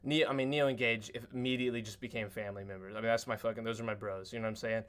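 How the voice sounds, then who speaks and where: A man on a podcast telling excited stories with lots of cursing and fillers, acting out quotes in a much higher voice. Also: racing, clear, resonant tone. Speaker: podcast guest. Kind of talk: casual podcast chat.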